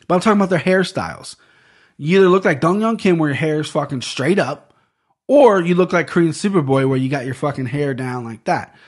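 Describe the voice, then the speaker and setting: A man's voice: a little high, expressive, fairly quick. Loose, profane man talking fight picks. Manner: rambling, profane, stumbles over names. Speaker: sports betting podcast host. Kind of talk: casual fight-picks chat. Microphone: desk microphone.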